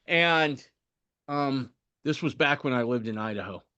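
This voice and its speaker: A male podcast host telling a story in a casual, animated way, often tagging his sentences with "right?". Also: mid-range voice, a little slow, clean tone, dull audio.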